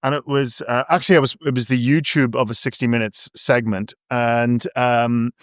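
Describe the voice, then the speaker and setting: A man's voice: medium pitch, flat delivery, moderate pace, no room sound, studio quality. A man, an author guest on a podcast, chatting in a rambling, playful way with many restarts. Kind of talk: casual interview chat.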